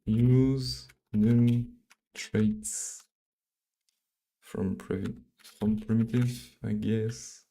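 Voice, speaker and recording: A man from Belgium with a French accent, live-coding on a stream and thinking aloud in a halting, mumbling way full of fillers and restarts. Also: mid-range voice, fairly even intonation, mellow, a little hiss or hum.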